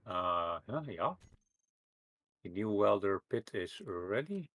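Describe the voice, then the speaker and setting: A man's voice: lowish voice, lively intonation, takes it slowly, a bit bright. A man playing along on voice chat, answering his teammate with short, easygoing replies. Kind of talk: casual gaming chat.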